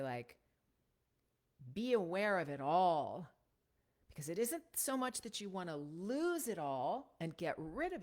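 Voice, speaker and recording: A woman teaching voiceover technique in a casual, conversational way, often checking in with a quick "right?". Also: low voice. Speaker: voiceover coach.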